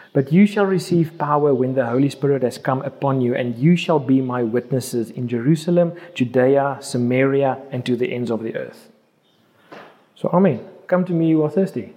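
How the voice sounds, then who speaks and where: Mellow-voiced South African preacher in a hall. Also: male voice, mid-range voice. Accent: South African Afrikaans. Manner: reads scripture aloud, slowing and stressing key words. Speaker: pastor. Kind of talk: sermon. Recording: reverberant hall.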